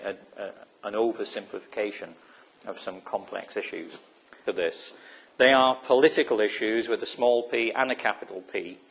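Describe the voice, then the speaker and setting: A lower-pitched man delivering a lecture. He talks in a thoughtful, searching way, with pauses and fillers, and keeps checking in with questions to his audience. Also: fairly bright tone. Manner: reflective, checks understanding with repeated questions; hesitant, many fillers and restarts. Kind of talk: recorded lecture.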